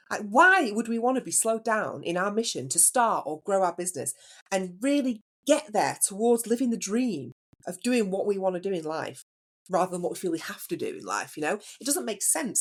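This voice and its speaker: A woman with a mid-range voice hosts a solo podcast as a business coach, telling a story in a chatty way and putting questions to the listener.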